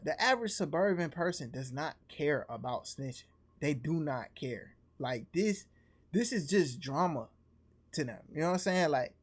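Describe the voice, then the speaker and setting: A man with a slight Atlanta accent giving casual, slangy reaction commentary as a streamer, full of quick restarts. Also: fairly high pitch. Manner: animated, slangy, fast restarts.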